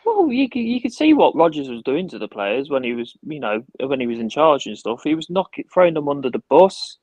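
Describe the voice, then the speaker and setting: A man's voice: on the high side, big pitch swings, fairly quick, darkish tone, no room sound. A man calling into a fan chat, blunt and plain-spoken. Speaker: caller. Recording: dull dry call line.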